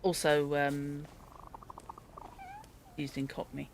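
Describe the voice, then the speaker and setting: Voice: mid-range voice, fairly even intonation, unhurried, gravelly, pauses often, a little hiss or hum. A game streamer chatting and rambling while playing, musing aloud over word origins and character looks. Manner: chatty, reads from a dictionary, rambles, exclaims at a cat. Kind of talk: let's-play commentary.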